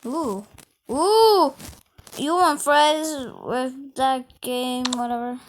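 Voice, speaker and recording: A woman giving casual gameplay commentary, excitable and quick to shrug things off. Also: high-pitched, a little hiss or hum. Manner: excitable, jumping between squeals and flat shrugs.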